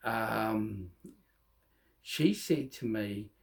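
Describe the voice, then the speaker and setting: A middle-aged man telling his own life story in a candid, halting way, often restarting his sentences. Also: lowish voice, creaky. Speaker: vlogger. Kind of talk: personal storytelling monologue.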